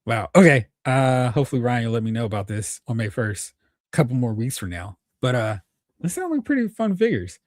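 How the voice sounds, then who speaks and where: A man's voice: medium pitch, very animated, brisk, dry recording, clean studio sound. A man hosting a live stream, chatting casually, thinking aloud and reading out viewer comments. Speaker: host.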